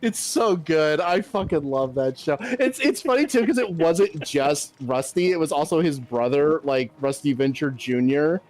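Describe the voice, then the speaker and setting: Male streamer, casual chat; high, very animated voice, cusses freely. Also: moderate pace, hardly any pauses. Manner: animated retelling, swears constantly.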